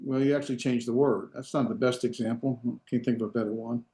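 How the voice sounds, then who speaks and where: A man teaching a classroom lesson, halting with fillers and restarts, with dry asides. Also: mid-range voice, steady tone, mellow. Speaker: Hebrew teacher. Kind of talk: classroom lecture. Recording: echoey classroom.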